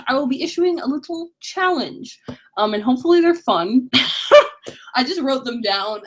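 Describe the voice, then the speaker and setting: A woman's voice: fairly high pitch, a bit bright. A woman hosting a live stream, chatting casually and upbeat as she reads viewer questions and thinks aloud. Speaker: livestream host.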